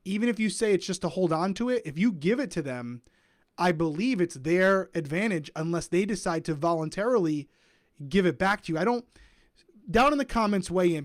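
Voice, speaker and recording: A man's voice: high voice, no room sound, studio quality. A man co-hosting a casual recap chat, thinking aloud and often hedging with "I think". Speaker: podcast co-host.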